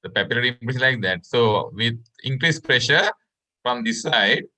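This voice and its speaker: A man's voice: medium pitch, lively intonation, moderate pace, sharp tone. A Sri Lankan man teaching a medical class online, explaining step by step and often checking in with "right?". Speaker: medical lecturer.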